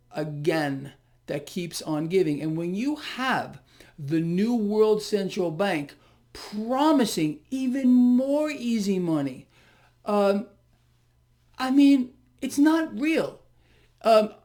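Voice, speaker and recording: A man's voice: high-pitched, darkish tone. Blunt, emphatic man giving market commentary. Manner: emphatic, blunt, repeats key phrases for stress; rhetorical asides to the viewer. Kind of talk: unscripted market commentary monologue.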